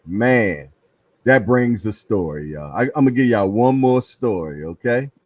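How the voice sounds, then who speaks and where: A man's voice: fairly low pitch, expressive, unhurried, a little mellow, poor audio. A middle-aged man hosting a casual hangout show, joking loosely in slang and telling stories with frequent laughs. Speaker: host. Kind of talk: casual chat and storytelling.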